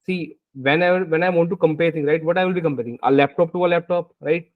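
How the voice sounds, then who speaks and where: A man's voice: a little high, fast, dry recording. Man, programming tutorial, thinks aloud while coding, dry tinny phone-like sound. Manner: thinking aloud, frequent "right?" checks. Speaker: programming instructor.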